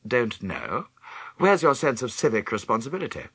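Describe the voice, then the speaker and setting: A man voicing a stern, quietly menacing school headmaster in an audiobook, measured, precise and cutting. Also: lowish voice, big pitch swings, breathy edge, no room sound, heavily acted. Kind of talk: audiobook character reading.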